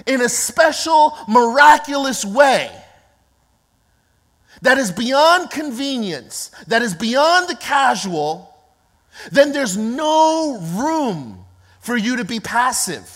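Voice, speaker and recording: A woman pastor preaching an emphatic, repetitive sermon that builds to shouts. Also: high-pitched, very animated, slow. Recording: long reverb of a large hall.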